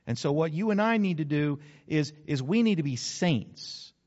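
A man, a pastor, preaching a sermon in an earnest way, slowing down to stress key words. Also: a little high, animated, a little mellow. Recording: slightly dull lo-fi sound.

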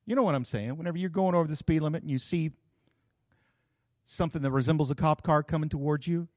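A man's voice: a little high, fast, darkish tone, no echo, muffled recording. A man preaching a sermon in a folksy, joking way. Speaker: pastor.

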